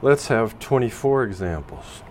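A man's voice: mid-range voice, animated, a little slow, noisy background. A man teaching a class, explaining patiently and switching between two languages. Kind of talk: classroom lecture.

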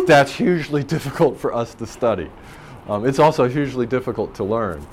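In a classroom lecture, a language professor explains dialect differences in a rambling, thoughtful way, full of ums and restarts. His voice sits at a medium pitch with lively intonation and a normal speed. There's slight background noise.

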